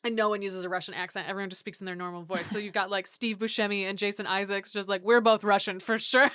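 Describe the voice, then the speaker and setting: A woman's voice: mid-range voice, flat delivery, fast talker, fairly bright tone, clean tone, dry recording, studio quality. Laughing, swearing podcast co-host woman. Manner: laughs often, swears casually. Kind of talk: casual chat.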